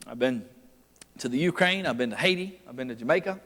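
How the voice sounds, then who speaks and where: A man preaching a revival sermon, telling folksy stories with frequent laughs and building to loud, forceful preaching. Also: medium pitch, lively intonation, a little fast, husky. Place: church sanctuary. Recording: long church hall reverb.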